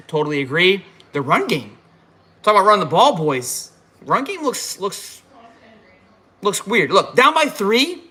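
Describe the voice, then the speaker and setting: Buzzed guy on a live halftime fan stream, all fired up and tripping over his words, kinda high-pitched. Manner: fired up, excitable, rambling with restarts. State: tipsy. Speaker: fan livestream host. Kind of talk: live halftime reaction chat.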